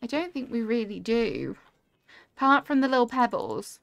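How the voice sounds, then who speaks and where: A woman's voice: a little high, very animated, moderate pace, creaky, no room sound. A woman streaming a cozy building game, gushing over viewers' builds and reading chat aloud in casual talk. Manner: gushing, easily delighted, reads chat aloud. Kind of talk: casual livestream chat while playing.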